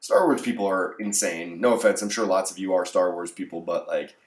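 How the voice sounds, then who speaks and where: A low-pitched man talks through a crossword in a casual, offhand way, tossing out dry sarcastic remarks between answers. His voice sits deep, and the room around him gives it a noticeable echo. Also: steady tone, fairly quick. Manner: wry, offhand, sarcastic asides. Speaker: crossword channel host. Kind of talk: casual live-solve commentary.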